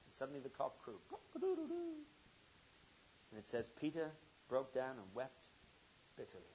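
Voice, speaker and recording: A man preaching a sermon, telling a story with swings from loud emphasis to quiet intensity. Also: medium pitch, wildly swooping pitch, takes it slowly, lo-fi sound, a little hiss or hum.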